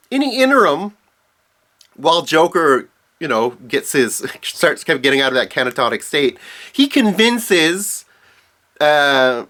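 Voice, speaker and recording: A man recapping a comic-book story in a loose, rambling voice. He swears freely, backtracks to correct himself and leans into lively pitch swings as he goes. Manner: rambling, profane, self-correcting. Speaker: comics explainer.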